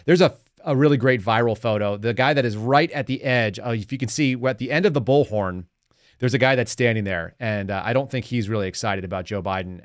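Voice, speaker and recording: A man's voice: medium pitch, no room sound, studio quality. Sarcastic man hosting a podcast. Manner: sarcastic, mocking asides. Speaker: podcast host. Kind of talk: casual political commentary. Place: home studio.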